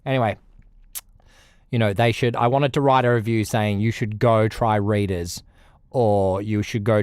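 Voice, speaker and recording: A young Australian man chatting casually on a music livestream, rambling, with loud bursts and low mutters. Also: no echo, studio quality. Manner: animated, rambling, swings between loud outbursts and mutters. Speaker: music streamer.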